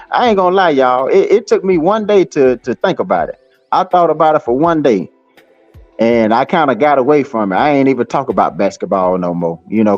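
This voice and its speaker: A man's voice: medium pitch, darkish tone, no room sound. A man, ranting and taunting on a live stream, swearing heavily and rambling with lots of fillers. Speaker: livestream host. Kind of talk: profane live-stream rant. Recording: slightly dull lo-fi stream audio.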